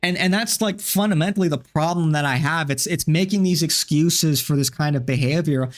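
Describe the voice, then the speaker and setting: A man's voice: on the high side, brisk, faint music behind. A man ranting on a livestream in a heated, frustrated way, swearing often. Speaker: streamer. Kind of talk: livestream commentary rant.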